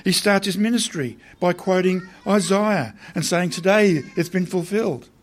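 A man's voice: high-pitched, moderate pace. A man preaching a sermon in a conversational way, often putting questions to his listeners.

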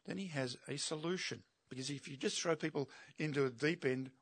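A man's voice: on the high side, a little fast. A man preaching an expository sermon, emphatic and asking his listeners rhetorical questions.

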